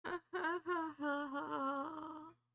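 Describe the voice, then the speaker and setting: Slow, muttering high-voiced woman. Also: steady tone, gravelly, bright, forceful tone. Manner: slow and halting, muttering, half-whispered, with nervous laughs. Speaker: streamer studying coding. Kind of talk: live study stream, thinking aloud.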